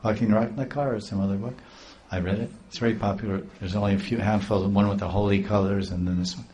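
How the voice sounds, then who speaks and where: A man's voice: on the low side, steady tone, fast, dark tone, slight background noise. A man telling a devotional story in a rambling, repeating way. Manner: rambling, with many restarts.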